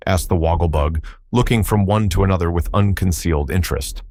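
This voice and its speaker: A deep-voiced audiobook narrator reads a storybook from a script at normal speed, his tone a little mellow. The recording is clean studio sound with no room sound.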